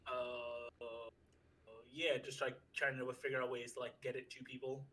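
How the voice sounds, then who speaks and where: A man's voice: mid-range voice, flat delivery, moderate pace, fairly bright tone, slight background noise, poor audio. A man co-hosting a podcast in casual chat, laid-back, swearing a lot, often acting out quotes with a laugh. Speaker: podcast co-host.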